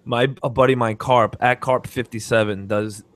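A man's voice: mid-range voice, fairly even intonation, normal speed, fairly bright tone, no room sound. Laid-back man, dry close sound. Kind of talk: casual sports chat.

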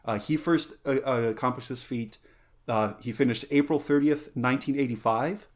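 A man with a medium-pitched voice hosts a casual podcast chat at a moderate pace. He's playful and rambling, full of fillers, self-corrections and side tangents.

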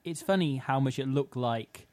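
A man's voice: medium pitch, moderate pace, darkish tone. A young man on a podcast, telling rambling anecdotes with self-mocking asides. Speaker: podcast co-host. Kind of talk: casual chat, storytelling.

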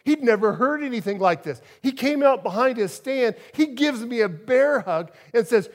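A man preaching as a guest speaker, his voice sitting fairly high for a man. He tells stories from the pulpit, dropping soft and then rising loud for emphasis. He sounds middle-aged. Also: lively intonation, normal speed, few pauses. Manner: storytelling, emphatic swings in loudness. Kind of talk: sermon.

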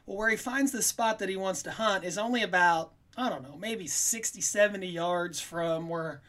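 A man's voice: high-pitched, normal speed. Rambling man spinning a hunting yarn. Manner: rambling, animated, quotes himself in little voices. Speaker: guest telling a hunting story. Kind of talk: casual podcast storytelling.

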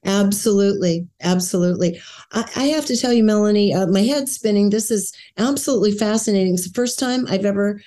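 A woman hosting a conversational interview. Her tone is mellow and unhurried, and she asks careful questions while affirming her guest. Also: mid-range voice. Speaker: interview host.

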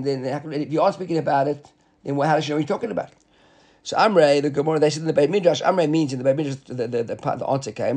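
A man teaching a Talmud class, explaining quickly and repeating words as he reasons aloud. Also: on the high side, darkish tone, breathy edge.

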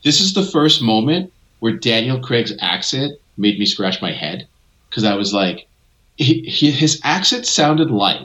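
A man in casual conversation about a film, his voice bright and lively, swinging up and down in pitch. He talks in an animated, mocking way and breaks into laughter often. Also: measured pace, lo-fi sound. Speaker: podcast co-host. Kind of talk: casual movie review chat.

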